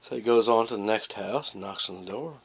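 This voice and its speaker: Guy telling jokes, kinda low voice, rambly with lots of ums, gets loud and hyped doing the characters. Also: moderate pace, creaky, breathy edge. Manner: rambling with many fillers and restarts; jumps to loud, excited bursts for character lines. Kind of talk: casual joke telling.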